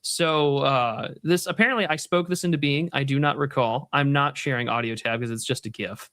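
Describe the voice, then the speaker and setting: A man's voice: mid-range voice, moderate pace, a bit bright, clear, resonant tone. A man hosting a casual livestream, joking and swearing as he reads viewer messages aloud. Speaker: host.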